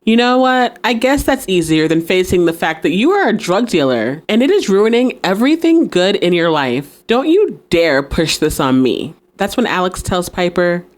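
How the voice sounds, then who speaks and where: A young woman with a slightly low voice talks through a TV episode for her podcast. She keeps things casual and animated. She laughs easily and slips into the characters' lines as she goes. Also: normal speed, few pauses. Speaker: podcast host recapping a TV episode. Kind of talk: casual recap with acted-out quotes.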